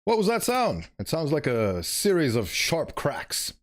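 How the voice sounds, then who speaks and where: A man's voice: fairly high pitch, huge pitch swings, measured pace. A man streaming a story game, reading it aloud and chatting animatedly, sometimes fumbling for words.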